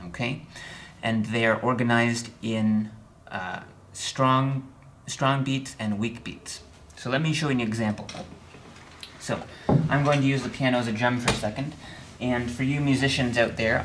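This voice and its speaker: A male music theory instructor at a middle pitch, talking through a recorded lesson in a chatty, slightly wry way. He keeps checking in with the viewer and calls out beat counts with strong emphasis on the downbeats. A faint hiss sits under the voice. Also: a bit bright.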